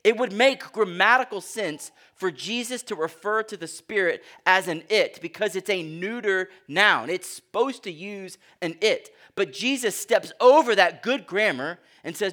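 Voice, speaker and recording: A pastor with a high-pitched voice delivers a teaching sermon to his congregation. He speaks in an engaging, teacherly way, checks in with his listeners, and reads scripture aloud with emphasis. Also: unhurried, few pauses, pushed and bright.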